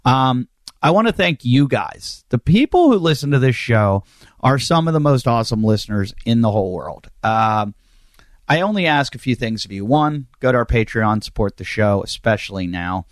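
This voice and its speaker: A middle-aged man hosts his podcast in a loose, comedic monologue, rambling and poking fun at himself. His voice sits at an ordinary mid pitch. The recording is dry and close, with no room sound. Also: sing-song, moderate pace, no echo. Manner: joking, rambling, self-mocking. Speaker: podcast host.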